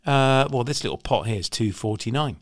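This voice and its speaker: A man's voice: medium pitch, animated, fairly quick, no room sound. A man co-hosting a podcast, chatting casually, laughing often and explaining products. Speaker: podcast co-host.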